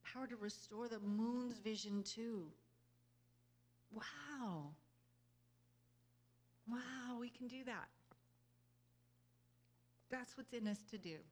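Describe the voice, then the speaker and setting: A spiritual speaker, a woman with a fairly high pitch, gives an inspirational talk to a group, taking it slowly with long pauses. She is earnest and conversational, often checking in with her listeners by asking "you know?" and laughing easily between thoughts.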